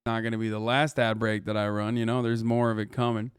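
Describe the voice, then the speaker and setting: Sarcastic streamer dude, swears a lot, smooth clean voice, dry close mic. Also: male voice, lowish voice, little pitch movement, brisk, dry recording. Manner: sarcastic, profane, mocking. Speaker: livestream host. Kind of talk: casual reaction commentary.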